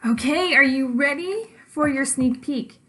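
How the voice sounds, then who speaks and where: A woman teacher reads a children's book aloud with expressive storytelling. Her voice sits a little high, and she pauses to ask her young listeners questions. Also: slight background noise.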